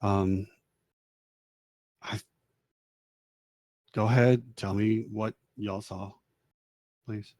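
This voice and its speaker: Brief: male game master, relaxed, rambling, low dry voice. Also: extremely slow, long pauses, no room sound. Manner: relaxed, rambling, with many fillers. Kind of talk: narrating a tabletop game.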